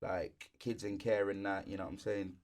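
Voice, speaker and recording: A man's voice: fairly low pitch, little pitch movement, normal speed, darkish tone. Laid-back young man chatting. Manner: laid-back, heavy street slang. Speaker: podcast co-host. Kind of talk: casual chat.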